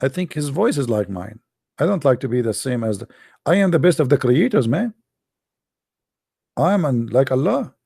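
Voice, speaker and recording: A man talks straight into the mic as a call-in host, his voice dark and gravelly. He mocks and teases in a sing-song way, repeating himself, and often clears his throat. The sound is close and dry, with no room around it. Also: mid-range voice, very animated, moderate pace, long pauses, dry recording. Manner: mocking, repetitive taunting, sing-song teasing; broken English grammar, frequent throat clearing. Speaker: host of a call-in religious debate show. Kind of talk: live call-in show monologue.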